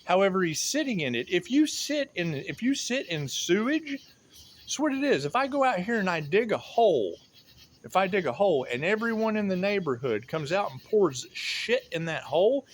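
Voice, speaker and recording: A man's voice: sits high, very animated, normal speed, slight background noise. A man giving a rambling, sardonic and profane monologue as a tarot reader, often repeating himself.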